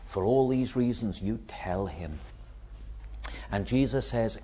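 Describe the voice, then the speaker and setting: A man preaching a sermon, acting out the voices he quotes with lively rises and drops in pitch. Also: unhurried, pauses often, muffled recording, a little hiss or hum.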